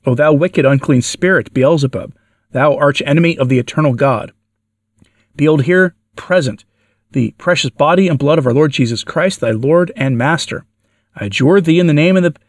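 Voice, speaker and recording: A man's voice: on the high side, no echo, natural voice. A man voicing a stern bishop performing an exorcism, solemn and commanding, in an audio story. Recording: dry, from far off the mic.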